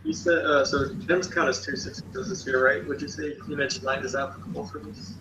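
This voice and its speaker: Quiet male player, clear background noise. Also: mid-range voice, steady tone, brisk. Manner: quiet, asks rules questions. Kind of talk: tabletop game chat.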